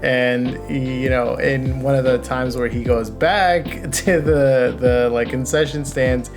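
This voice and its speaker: A woman's voice: a bass voice, steady tone, slow, over music. A woman co-hosting a casual movie chat, talking in a rambling way with frequent laughs. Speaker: co-host reviewing a film.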